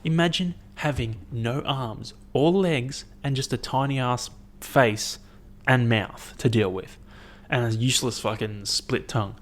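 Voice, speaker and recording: A young man hosting his own podcast, chatting in a rambling, profane, animated way as he tells stories. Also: medium pitch, a little slow, hardly any pauses. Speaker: podcast host. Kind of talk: casual solo podcast chat.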